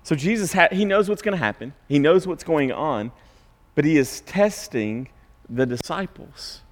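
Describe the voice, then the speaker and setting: A man's voice: a little high, expressive, normal speed, in a large hall. A man preaching a sermon in a conversational way, asking rhetorical questions and checking in with his listeners. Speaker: pastor.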